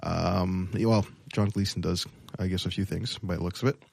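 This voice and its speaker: Low gravelly man, rambling chat. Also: steady tone, normal speed, no echo. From Canada. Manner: rambling, hedging with many fillers. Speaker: podcast co-host. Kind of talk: casual chat.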